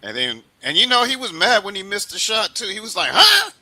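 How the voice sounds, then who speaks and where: Podcast host guy, super bright voice, jokes around with the guest a lot. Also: high-pitched, fairly quick, slight background noise, low-quality recording. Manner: joking, teasing, animated retelling. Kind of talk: casual interview chat.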